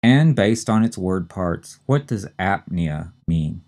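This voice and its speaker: Slow, deep-voiced male instructor. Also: expressive, a little mellow. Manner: slow, careful, spells out terms letter by letter. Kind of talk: recorded medical terminology lecture.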